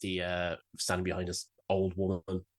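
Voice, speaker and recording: A man's voice: deep voice, completely flat delivery, moderate pace. A young Irish man co-hosting a podcast, grumbling in a wry, self-mocking casual chat. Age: young adult. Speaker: podcast co-host.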